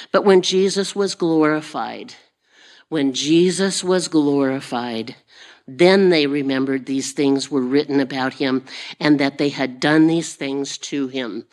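Slow, low-voiced woman preaching. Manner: unhurried, repetitive preaching with fillers. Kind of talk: sermon.

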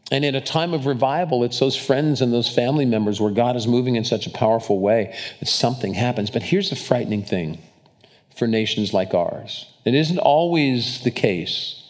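Male pastor, mid-pitch voice, loose conversational sermon delivery with the congregation. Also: moderate pace. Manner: conversational preaching with restarts and asides, engaging the crowd.

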